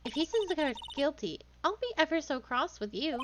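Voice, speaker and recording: A woman's voice: sits high, sing-song, normal speed, background noise. A woman voicing a doting, flirtatious wife with affected French airs and a sugary manner, with game music behind her.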